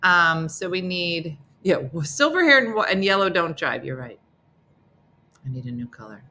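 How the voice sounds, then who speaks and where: Hosting a relaxed live morning chat, a middle-aged woman speaks in a sing-song at moderate speed, her voice pushed and bright. She jokes with viewers and jumps into high-pitched silly impressions of others.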